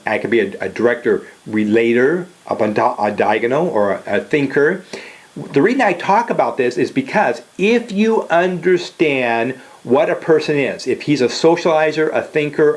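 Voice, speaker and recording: An older man giving a casual motivational talk in a direct manner, often checking in with "okay?" and "you know.". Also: medium pitch. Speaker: motivational speaker.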